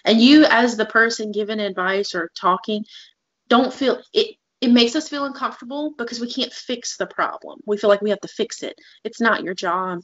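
A woman's voice: a little high, normal speed, no echo, lo-fi sound. A woman co-hosting a podcast, talking in an earnest, casual way that is full of "like"s. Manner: earnest, talks through examples with many "like"s. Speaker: podcast co-host.

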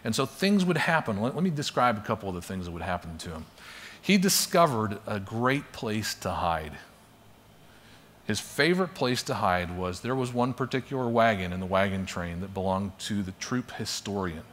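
A man's voice: fairly low pitch, expressive, normal speed, fairly bright tone. A man teaching a class by telling a parable in a conversational storytelling manner. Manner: conversational storyteller, acts out quotes. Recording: long hall reverb.

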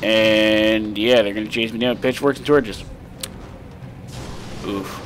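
A young man giving casual, rambling let's play commentary, swearing freely and breaking into sudden shouts. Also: lowish voice, steady tone, slow pace, a little hiss or hum. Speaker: gaming commentator.

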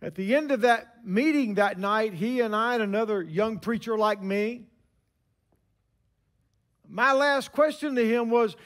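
A man in his sixties preaching a sermon, telling stories with emphatic pauses. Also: sits high, a bit bright.

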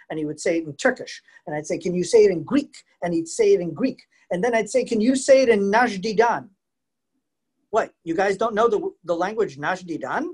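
Chatty man giving a virtual lecture. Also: on the high side. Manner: chatty, animated, asks the audience questions. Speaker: museum educator and presenter. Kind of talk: live virtual lecture with storytelling. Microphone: computer mic on a video call.

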